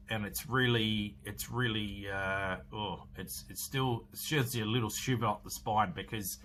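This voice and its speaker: A man's voice: fairly low pitch, sharp tone, a little hiss or hum. A man, hosting a podcast and casually recapping a horror film in a rambling way, full of fillers and restarts. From Australia. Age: 40s. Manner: rambling, filler-heavy storytelling with many restarts. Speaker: podcast host.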